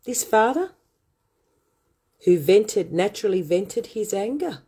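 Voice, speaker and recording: A woman rants on her own livestream, her voice husky and dark in tone. She drags her words out slowly, spitting insults and firing rhetorical questions at viewers. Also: mid-range voice, lively intonation. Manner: furious, scornful, hurls insults. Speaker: online show host. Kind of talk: angry ranting livestream monologue.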